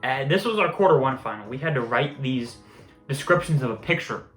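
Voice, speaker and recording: A man's voice: medium pitch, animated, a little fast, fairly bright tone. A young man telling a casual story, rambling and swearing often. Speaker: vlogger. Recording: roomy echo, faint music behind.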